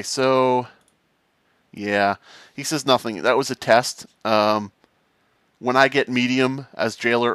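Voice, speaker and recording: A man doing casual let's-play commentary in an animated, jokey way, thinking aloud as he plays. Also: medium pitch, no echo. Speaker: gaming commentator.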